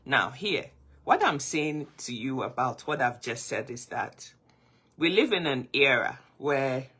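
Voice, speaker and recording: A woman's voice: extremely low pitch, a bit bright, slightly rough. A woman with a groggy morning voice, hosting a casual live-stream chat as a life coach and greeting her viewers affectionately.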